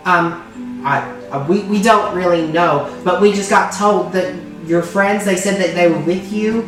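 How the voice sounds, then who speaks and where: With a fairly low, near-everyday voice at a measured pace, an Australian-accented woman plays a friendly male innkeeper. He's chatty but hesitant, saying "um" a lot, and the recording sounds distant and roomy with music in the background.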